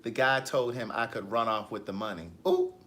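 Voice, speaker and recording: A man hosting a casual live stream, reading viewer comments with sassy, animated storytelling. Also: mid-range voice, moderate pace.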